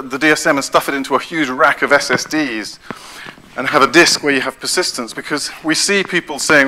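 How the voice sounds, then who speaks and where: Brisk, bright-voiced male tech speaker. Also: mid-range voice, slight background noise. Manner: brisk and self-correcting, gesturing at slides. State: out of breath. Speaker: conference speaker. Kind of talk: technical conference talk.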